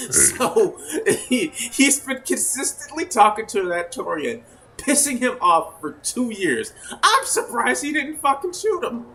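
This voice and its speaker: Lively bright-voiced man gaming. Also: extremely high pitch, slow, a little hiss or hum, low-quality recording. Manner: laughing, swearing, animated. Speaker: let's play host. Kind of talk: casual gameplay commentary.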